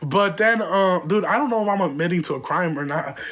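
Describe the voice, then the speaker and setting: A man's voice: high voice, a little fast, fairly bright tone. A young man hosting a podcast, telling a profane, rambling story in a casual way and laughing often. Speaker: podcast host.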